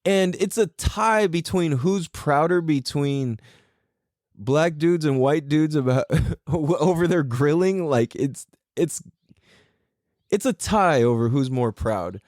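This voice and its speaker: A man's voice: a little high, lively intonation, slow, darkish tone, no echo, clean studio sound. A man hosting a podcast, talking casually and comically, laughing often and acting out his relatives' voices. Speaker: podcast host. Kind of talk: casual comedic monologue.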